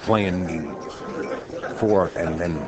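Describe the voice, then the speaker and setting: A man commentating a live pool match, calmly explaining shot options and cue ball position. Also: low voice, very slow, over a noisy crowd, poor audio.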